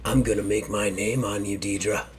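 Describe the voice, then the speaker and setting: A man's voice: fairly low pitch, flat delivery, moderate pace, slightly rough, pitched below the performer's own voice. A man voicing a vindictive male town guard leader who taunts his prisoners in a tabletop game. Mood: gloating. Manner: menacing, taunting.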